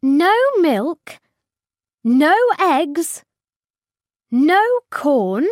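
A bossy young farmer son, played by a woman with a British accent, brisk and scolding in a children's storybook. High-pitched with a lively, swinging delivery. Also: no echo, studio quality, full character voice.

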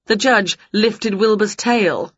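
A woman's voice: mid-range voice, husky, no room sound. A woman whose first language is Chinese, reading an English picture book aloud to children. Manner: slow, lively storytelling. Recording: dull lo-fi home recording.

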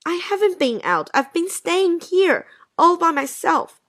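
A woman's voice: extremely high pitch, big pitch swings, unhurried, fairly bright tone, no echo, studio quality, heavily acted. A woman voicing Jean, an anxious, lovesick wife who pleads with her absent husband, in a dialogue drama reading. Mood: sad. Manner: pleading, breathless and emotional.

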